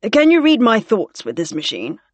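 Woman voicing a deadpan teasing commander. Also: a little high, normal speed, no echo, voice pushed up. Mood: wry. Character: dry, teasing male naval commander.

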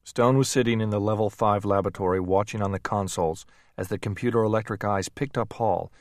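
This audiobook narrator is a man with a lowish voice who reads in a steady, measured manner. There's no room sound, just clean studio audio.

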